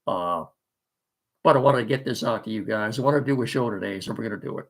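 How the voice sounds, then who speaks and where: A man's voice: on the low side, quick pace, vocal fry. A middle-aged man hosting a casual sports talk show, folksy and rambling with many fillers, his voice congested from allergies and a cough.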